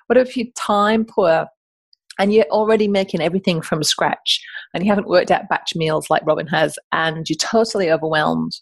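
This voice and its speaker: A chatty woman with a northern English accent, hosting a casual podcast. Her voice sits fairly low and the recording is dry and close, with no room sound. She talks in an animated way and catches and corrects herself mid-sentence. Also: gravelly, husky, no room sound. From north of England. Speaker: podcast host.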